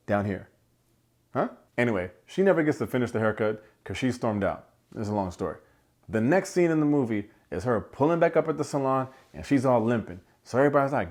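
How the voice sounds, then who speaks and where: A man hosting a casual film review, animated, slangy and joking as he rants. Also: medium pitch. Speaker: movie reviewer, channel host.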